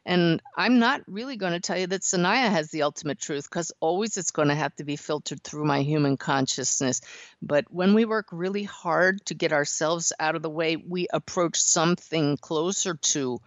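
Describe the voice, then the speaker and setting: A woman hosts a spiritual call-in radio show, her voice sitting a little low. She talks to callers gently and earnestly, in a reassuring tone. The sound is dry and slightly dull, like a radio broadcast. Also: moderate pace, no room sound.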